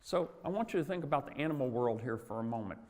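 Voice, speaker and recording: Brief: older male speaker, folksy storytelling, medium pitch, in a reverberant hall. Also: expressive, fast talker, a little mellow. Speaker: speaker on workplace culture. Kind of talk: motivational talk.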